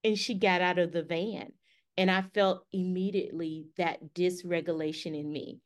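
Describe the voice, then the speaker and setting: A woman co-hosting a podcast, telling a story in a casual, animated way and acting out the dialogue. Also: lowish voice, moderate pace. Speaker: podcast co-host.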